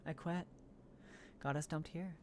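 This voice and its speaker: Woman reading as a tired ex-soldier father, soft and subdued, lowish voice, game dialogue. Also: steady tone, a little slow, slight background noise. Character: weary former mercenary father, man.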